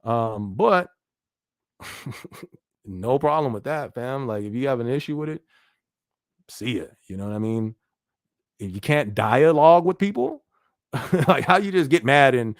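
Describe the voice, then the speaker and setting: A man's voice: mid-range voice, animated, normal speed, pauses often, dry recording, studio quality. A man hosting a casual live podcast, reading viewer comments and answering in a loose, chatty way with frequent laughs and fillers. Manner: laid-back, laughs often, frequent fillers like "you feel me". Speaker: livestream podcast host.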